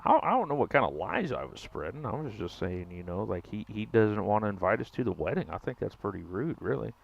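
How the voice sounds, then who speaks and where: Man, 20s, gaming streamer, teasing, lowish voice, muffled lo-fi mic. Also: sing-song, fairly quick, vocal fry, slightly rough. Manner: joking, teasing chat, drawling. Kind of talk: casual live-stream chat while gaming.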